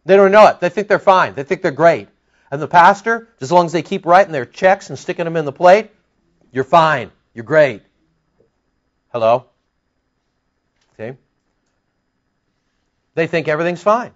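A man's voice: on the high side, lively intonation, moderate pace, long pauses. A man preaching an expository Bible-teaching sermon in a conversational, wry way, with sarcastic asides and emphatic bursts. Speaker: pastor. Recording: dull lo-fi sound.

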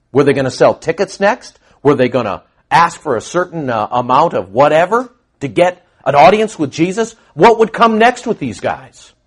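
A middle-aged male pastor working through scripture in an expository sermon. His voice sits a little high for a man. He explains quietly, then breaks into loud, emphatic bursts. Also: slightly rough.

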